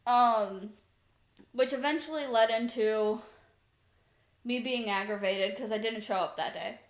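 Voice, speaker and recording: A woman streamer telling a story in a casual, exasperated, animated way from her room at home. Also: on the high side, unhurried. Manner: chatty, exasperated, animated retelling. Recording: echoey room.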